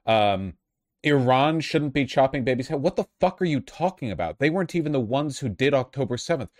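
A man's voice: mid-range voice, expressive, brisk, no echo, studio quality. A man giving casual reaction commentary on clips as a political commentator, profane and heated in his outbursts.

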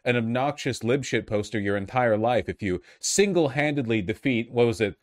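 A man's voice: mid-range voice, expressive, moderate pace. A man giving casual, sarcastic commentary, rambling with many fillers and restarts. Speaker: online commentator.

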